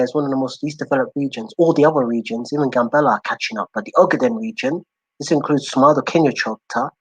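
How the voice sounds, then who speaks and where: A man's voice: mid-range voice, husky, no echo, poor audio. A man joining a casual stream as a guest, speaking earnestly and switching between English and Somali. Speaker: guest caller. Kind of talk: casual online stream chat.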